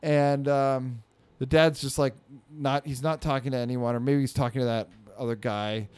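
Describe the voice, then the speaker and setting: A man's voice: mid-range voice, fairly even intonation, normal speed, a little mellow, clean tone. A man telling a story in casual chat, rambling with lots of fillers. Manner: rambling, filler-heavy, acts out quotes in a raised voice.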